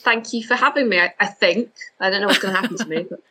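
A woman from Edinburgh with a faint Scottish accent chats as a comedian guest on a podcast. Her voice is bright and clear-toned. She talks casually and self-deprecatingly, tripping into restarts. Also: medium pitch, fast, rough recording. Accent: light Edinburgh Scottish. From Scotland, Edinburgh.

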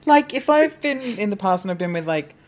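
A man's voice: sits high, very animated, fairly quick. A man co-hosting a podcast in casual chat, with a wry, teasing, laid-back manner. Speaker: podcast co-host.

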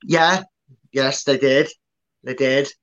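A man's voice: mid-range voice, fairly even intonation, slow pace, a bit bright, highs cut off. A man co-hosting a casual football prediction chat, playful and rambling, with many restarts. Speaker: podcast co-host.

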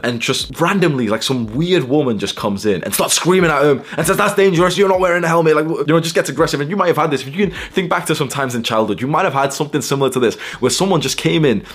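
Fast-talking blunt podcast host. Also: male voice, mid-range voice, breathy edge. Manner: blunt, profane, emphatic, talks straight to the listener. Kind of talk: motivational book-summary podcast monologue.

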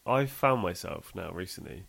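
A man's voice: low-pitched, moderate pace, gravelly, breathy edge. A man co-hosting a podcast, chatting casually and laughing often. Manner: laughs often, animated and playful. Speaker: podcast co-host. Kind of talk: casual chat.

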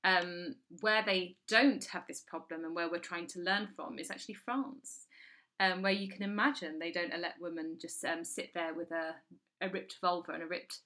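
Bright, blunt woman co-host. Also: fairly low pitch, normal speed. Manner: blunt, crude and animated. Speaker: podcast co-host. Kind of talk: casual chat.

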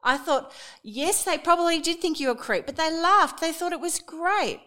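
A woman hosting a podcast interview, warmly enthusiastic as she retells her guest's anecdotes. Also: extremely high pitch, normal speed. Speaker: podcast host. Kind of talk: casual interview.

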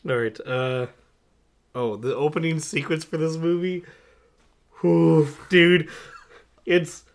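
A young man co-hosts a laid-back movie podcast. He reads through his notes with plenty of "uh"s and laughs often. He turns lively and excited when something strikes him. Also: a little high, takes it slowly, long pauses. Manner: animated, laughs often, lists notes with many "uh"s. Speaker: podcast co-host. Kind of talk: casual movie-review chat.

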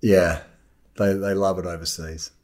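A man in his fifties from Australia with an Australian accent, a guest in a casual interview who makes his points with emphatic swings in pitch. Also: flat delivery, unhurried, darkish tone. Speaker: guest actor.

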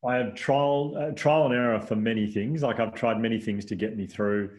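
At a moderate pace and in a lowish voice, a man in his thirties chats casually as a podcast guest, telling anecdotes. He's animated in his storytelling, laughs a lot, and his speech is full of restarts and "like" fillers.

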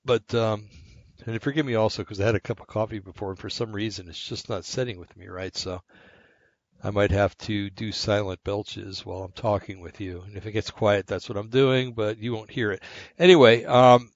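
Male podcast host, breathless and slightly shaky, rambling casual monologue, lowish voice, muffled recording. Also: steady tone, normal speed, no echo. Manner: meandering, many fillers and asides. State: short of breath, taking frequent breaths. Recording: dull, lo-fi and dry.

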